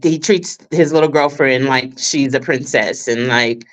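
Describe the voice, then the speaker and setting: This woman speaks in an unusually deep, low register for a woman. She talks slowly and reflectively as a guest in a casual online chat. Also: low-quality recording. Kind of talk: casual video-call chat.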